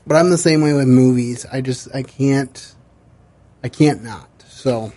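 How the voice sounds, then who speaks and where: A man hosting a podcast in a casual book-club chat, emotional and halting, with many fillers and restarts. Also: medium pitch, dark tone. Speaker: podcast host. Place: studio.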